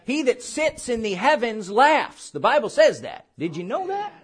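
A man preaching a charismatic sermon at a church service, laughing through his words in an animated, playful way. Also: extremely high pitch, normal speed, slightly rough.

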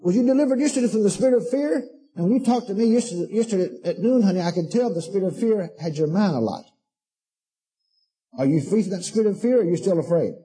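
Fervent high-voiced preacher man, husky and mellow. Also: expressive, quick pace, low-quality recording. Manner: fervent, emphatic, repetitive, calls listeners "honey". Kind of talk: sermon to a congregation.

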